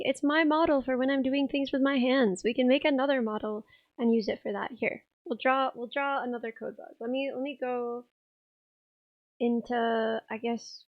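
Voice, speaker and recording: Young female streamer, hoarse and rough, slightly high, giggly casual chatter, dry sound. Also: no room sound, muffled recording. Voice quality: rough, raspy voice. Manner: chatty, giggly, reads chat aloud. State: hoarse, tired voice. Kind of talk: casual live-stream chat.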